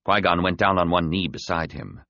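A man narrating a science fiction novel in an expressive, dramatic reading. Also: deep voice, moderate pace, creaky, no echo. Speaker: audiobook narrator. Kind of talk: scripted narration. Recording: slightly dull, dry studio recording.

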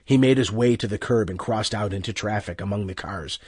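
A man narrating an audiobook with expressive, tense storytelling. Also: lowish voice, brisk, husky, no room sound, studio quality.

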